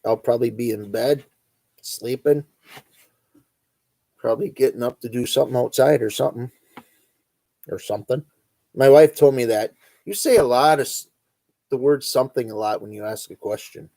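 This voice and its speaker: A middle-aged man with an Upper Midwest accent, hosting a relaxed, rambling chat and chuckling as he goes. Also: medium pitch, normal speed, long pauses, no echo. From northern Wisconsin. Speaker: host. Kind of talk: casual chat reading live comments.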